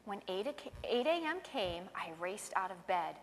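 A woman reading her own rhyming children's poem aloud in a sing-song, expressive way. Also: mid-range voice, unhurried, few pauses, big-room sound.

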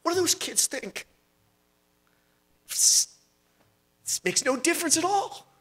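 A man's voice: very high voice, very animated, slow pace, a bit bright. A man preaching a sermon as pastor, asking rhetorical questions and restarting phrases as he goes.

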